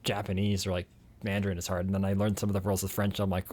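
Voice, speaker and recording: A man's voice: low voice, monotone, very fast, a little mellow. A man streaming live, chatting casually and rambling with lots of fillers and self-corrections. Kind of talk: casual chat.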